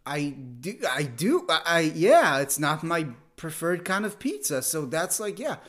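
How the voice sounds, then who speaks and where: A man's voice: on the high side, very animated, unhurried, a bit bright. A man co-hosting a casual podcast chat, ranting bluntly and jokingly, sometimes mimicking people. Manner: blunt, joking rants with mock impressions. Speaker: podcast co-host.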